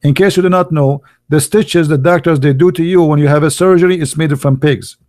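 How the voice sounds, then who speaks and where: A sarcastic man from the Middle East holds forth in English, slipping in fillers and laughing at his own jokes. His voice sits a little high and sounds close and dry, with no room behind it. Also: fairly even intonation, fairly quick, darkish tone, dry recording. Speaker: channel host. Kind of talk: mocking monologue.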